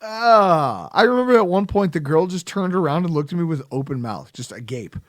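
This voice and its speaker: A man hosting a casual sports podcast, ranting in an animated, sarcastic, heckling way. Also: fairly high pitch, fairly quick, no room sound, studio quality. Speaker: podcast host.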